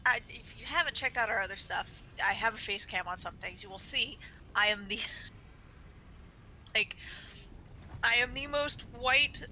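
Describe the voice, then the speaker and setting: A young woman co-hosting a gaming video in casual chat, a lively storyteller who laughs often. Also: a little high, unhurried, pauses often, a little hiss or hum, poor audio. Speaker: gaming channel co-host. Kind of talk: casual chat while playing a game.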